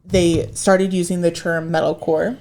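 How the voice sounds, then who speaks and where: Woman podcast host, lowish voice, casual, keeps asking if it makes sense. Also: level tone, measured pace, darkish tone. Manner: leads the topic, checks in with questions. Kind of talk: casual chat.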